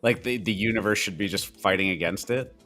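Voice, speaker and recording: A Canadian man with a fairly low voice chats loosely as a podcast co-host. He talks bluntly and rambles, filling gaps with "like" and "you know." Faint music sits underneath. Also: fairly quick, pushed and bright. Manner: blunt, rambling, with frequent fillers and laughs. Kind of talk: casual podcast chat.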